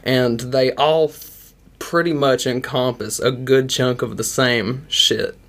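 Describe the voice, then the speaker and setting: Rambling Kentucky man with a middle-pitched voice. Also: fairly even intonation, takes it slowly, fairly bright tone. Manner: rambling, laughs often, trails off. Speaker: podcast co-host. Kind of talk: casual podcast banter.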